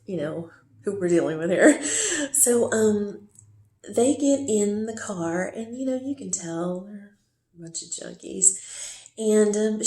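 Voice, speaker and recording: A woman's voice: mid-range voice, dark tone, roomy sound. A woman casually telling a personal story in a rambling way, full of fillers and asides. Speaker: storyteller recounting a relationship.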